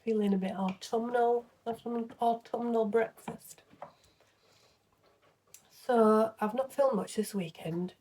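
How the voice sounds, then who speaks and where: Soft-spoken woman vlogger, slow and mellow, a bit husky and tired. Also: a little high. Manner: chatty, rambling, soft-spoken with frequent fillers. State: tired, yawning. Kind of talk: casual vlog chat. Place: home.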